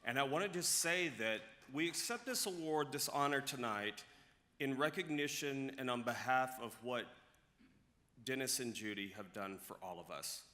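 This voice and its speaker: A man's voice: medium pitch, expressive, moderate pace, sharp tone. A man accepting an award at a gala, speaking humbly and from the heart without a prepared speech. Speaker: award recipient, chamber of commerce leader. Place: large gala ballroom. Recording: reverberant hall sound.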